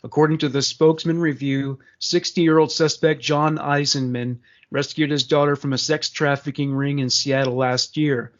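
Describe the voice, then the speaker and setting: A man's voice: fairly high pitch, level tone, moderate pace, few pauses. Sarcastic Canadian man with crude jokes. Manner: crude, sarcastic, reading news stories. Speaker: podcast co-host. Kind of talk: casual podcast chat. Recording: slightly dull lo-fi sound.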